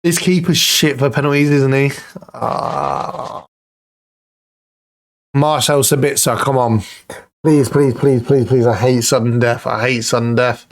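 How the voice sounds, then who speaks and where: A man commentating his own football management game, excitable and pleading at the screen, swearing now and then. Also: mid-range voice, measured pace, pauses often. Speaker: gaming YouTuber.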